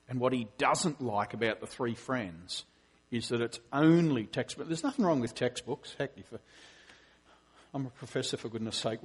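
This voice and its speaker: A middle-aged man gives a conversational sermon, his voice a touch husky and breathy. He tells stories with energy and slips into acting out the lines he quotes. He sounds like a lecturer at ease with a congregation. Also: medium pitch. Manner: animated storytelling, acting out quotes. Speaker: preacher and professor.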